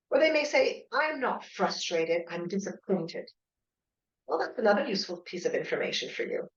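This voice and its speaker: A woman coach giving a calm, explanatory conference talk to an audience in a school hall. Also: mid-range voice. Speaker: divorce and separation coach. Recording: echoey hall, slightly dull sound.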